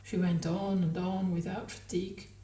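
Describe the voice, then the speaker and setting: A woman reading a novel aloud in measured narration, then commenting on it haltingly as a book podcaster. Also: lowish voice, level tone, mellow, far from the mic. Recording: roomy, from the mic.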